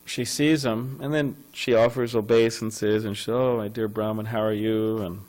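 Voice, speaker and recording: A man's voice: lowish voice, steady tone, normal speed, a little mellow, low-quality recording. A man giving a scripture class at a temple, telling a story conversationally with many fillers and restarts. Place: temple hall.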